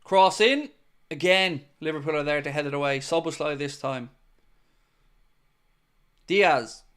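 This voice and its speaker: A man's voice: fairly high pitch, unhurried, a bit bright, clear, resonant tone. A man hosting a live football watchalong, mixing play-by-play with joking chat to his viewers. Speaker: host.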